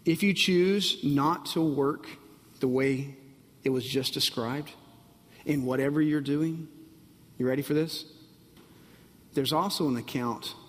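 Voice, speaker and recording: A man's voice: mid-range voice, in a large hall. A man preaching a sermon, emphatic and repetitive, often asking the congregation if they are ready. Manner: emphatic, repeats phrases, asks the audience if they're ready. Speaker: pastor.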